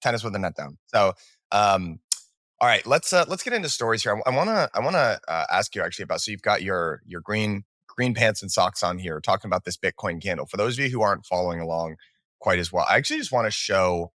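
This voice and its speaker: Low bright-voiced male co-host, relaxed. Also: fast, no room sound, clean studio sound. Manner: relaxed, meandering, many restarts. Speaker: podcast co-host. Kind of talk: casual market talk.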